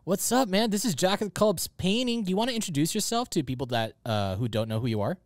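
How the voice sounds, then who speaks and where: A man's voice: sits high, animated, fast talker, dry recording, studio quality. A man hosting a casual gaming podcast, giving upbeat, hype-style introductions and teasing his co-hosts. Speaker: show host.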